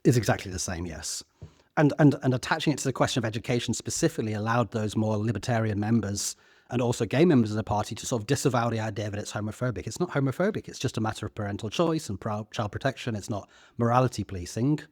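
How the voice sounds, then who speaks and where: A man's voice: fairly low pitch, fast talker, a little mellow, dry recording. Earnest man, dry close sound. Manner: earnest, a few stammered restarts. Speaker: podcast co-host. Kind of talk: casual discussion.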